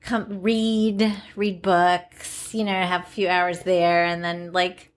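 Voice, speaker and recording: A woman's voice: lowish voice, slow pace. A young adult woman, a new mom, co-hosting a podcast in casual, rambling chat. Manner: relaxed, rambling, trails off. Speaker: podcast co-host.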